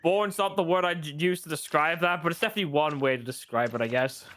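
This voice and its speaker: A man with a slightly higher voice trading jokes on a game stream. He swears freely and wanders off into silly tangents. His delivery is loose, casual banter. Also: fast, fairly bright tone. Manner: joking, swears often, rambling asides.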